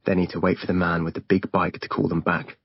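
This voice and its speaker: A man narrating an audiobook in a steady, plain storytelling manner. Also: low-pitched, quick pace, husky, no room sound. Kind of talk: scripted narration. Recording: dull dry lo-fi recording.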